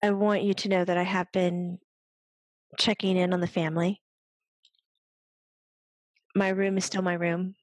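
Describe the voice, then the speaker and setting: A woman's voice: on the low side, little pitch movement, a little slow, pauses often, no echo. Giggly woman medium in a dry room. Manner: laughs often, relays a spirit's words. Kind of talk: casual chat.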